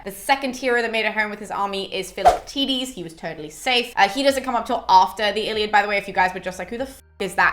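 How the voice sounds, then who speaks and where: A woman's voice: mid-range voice, a bit bright. A young woman summarizing a classic epic in a casual, gossipy way, with mild swearing. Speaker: literature educator. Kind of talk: casual chatty book summary.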